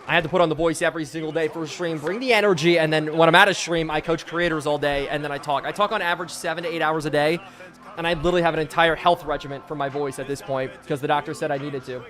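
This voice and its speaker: Hoarse hyped young man streaming. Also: a little high, steady tone, fast talker. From Pennsylvania. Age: 20s. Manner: hyped, chatty, shouting out viewers. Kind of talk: live game-stream commentary.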